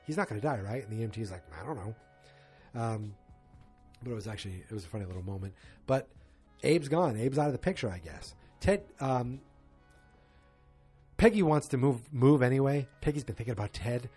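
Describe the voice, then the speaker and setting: Male podcast host, mid-pitched and husky, chatty rambling recap style, faint music bed. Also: mellow. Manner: rambling, chatty retelling with quoted lines. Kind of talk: casual episode recap.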